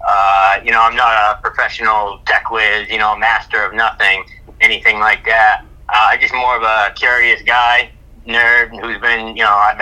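A man's voice: fairly low pitch, sharp tone, low-quality recording. A man in his thirties with a light Maine accent, a radio guest talking hesitantly with many fillers. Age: 30s.

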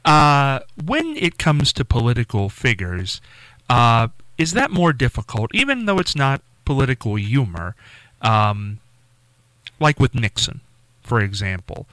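A man's voice: medium pitch, big pitch swings, a little slow, fairly bright tone, no room sound. Curious guy asking interview questions, medium voice, dry close sound.

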